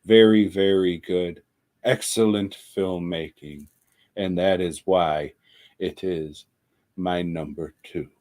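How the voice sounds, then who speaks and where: A man co-hosting a podcast, recommending movies with profane, deadpan jokes. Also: sits low, slow pace. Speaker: podcast co-host. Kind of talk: casual podcast chat.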